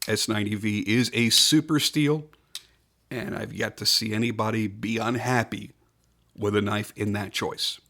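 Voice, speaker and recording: A man's voice: medium pitch, a bit bright. Man giving an emphatic knife review. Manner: enthusiastic, emphatic, repeats points for stress. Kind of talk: casual product review.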